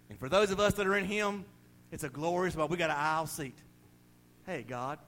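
A male pastor with a Southern US accent preaching a sermon, swinging from shouted proclamation to quiet, confiding asides. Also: on the high side, fairly quick.

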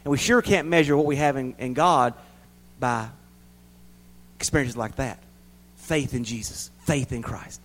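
A man preaching a sermon in a folksy way, repeating words for emphasis and swinging between loud emphatic bursts and quiet asides. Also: a little high, normal speed, rough recording.

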